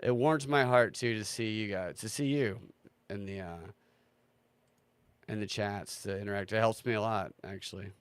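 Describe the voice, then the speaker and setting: A man's voice: fairly low pitch, moderate pace, smooth, dry recording. A man hosting a livestream, talking casually in a sarcastic, ranting way and swearing freely. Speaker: livestream host.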